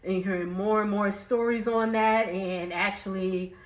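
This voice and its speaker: A woman's voice: medium pitch, fairly even intonation, a little slow, roomy sound, lo-fi sound. A woman giving a chatty recap of a reality show, laughing often and mimicking the people she quotes. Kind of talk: casual recap vlog.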